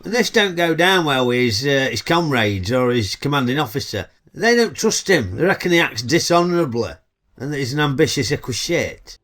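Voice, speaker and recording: A man's voice: mid-range voice, big pitch swings, moderate pace, fairly bright tone. A middle-aged man with a Yorkshire accent, hosting a chatty, cheeky comedic film review full of dialect banter. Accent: Northern English, Yorkshire.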